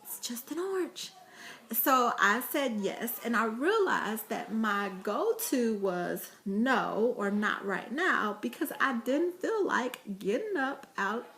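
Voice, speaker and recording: A woman's voice: fairly high pitch, animated, slow pace, gravelly, few pauses, fairly bright tone. A woman vlogging about parenting, telling chatty stories to camera with laughter and fillers. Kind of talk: casual vlog talk to camera.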